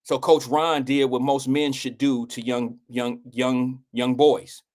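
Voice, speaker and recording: A middle-aged man hosting a live show, telling a personal story in a blunt, animated way, with casual swearing and acted-out quotes. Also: takes it slowly. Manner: animated, acts out quotes with swings in pitch. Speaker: host.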